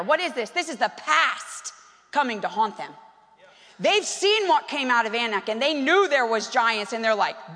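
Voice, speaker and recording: A woman preacher giving an animated, conversational sermon and putting questions to her congregation. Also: fairly high pitch, moderate pace. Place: church hall. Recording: long hall reverb.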